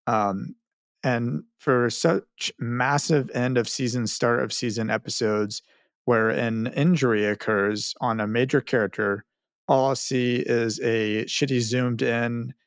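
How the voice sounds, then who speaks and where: Wry mid-pitched male podcast host. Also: steady tone, slow, no echo, clean studio sound. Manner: wry, self-mocking, chatty. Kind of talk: casual podcast chat, reading listener mail.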